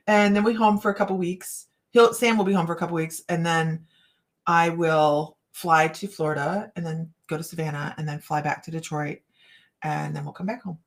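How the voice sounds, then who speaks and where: A woman's voice: low voice, steady tone, moderate pace. A middle-aged woman reading cards on a casual live chat, rambling and laughing often. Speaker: psychic card reader.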